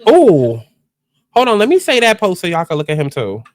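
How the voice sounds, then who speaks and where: A man's voice: sits high, huge pitch swings, normal speed, dry recording. A man hosting a casual reaction commentary, chatty and exclamatory as he talks straight to his viewers. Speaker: host.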